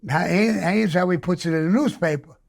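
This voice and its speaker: An older man tells a story, animated and profane. His voice sits a little high and has a gravelly rasp. He slips into the other people's voices as he quotes them. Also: brisk. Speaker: guest. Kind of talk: casual storytelling.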